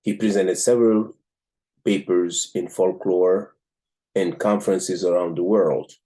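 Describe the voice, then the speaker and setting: Deep and warm, the voice comes from an African-accented man from Africa who hosts a show. He reads a book aloud and reviews it at a measured pace, often filling gaps with "um."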